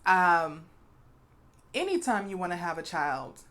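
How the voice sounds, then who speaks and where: A woman's voice: medium pitch, lively intonation, unhurried, fairly bright tone. A young adult woman vlogging to her viewers, speaking frankly and bluntly and calling them y'all, with a cough now and then. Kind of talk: direct-to-camera vlog, candid opinion talk.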